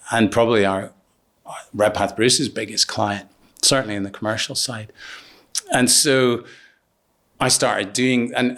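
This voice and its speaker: Middle-aged businessman guest, lowish voice, halting anecdotal delivery. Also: fairly bright tone. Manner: hesitant, many ums and restarts. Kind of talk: anecdotal interview storytelling.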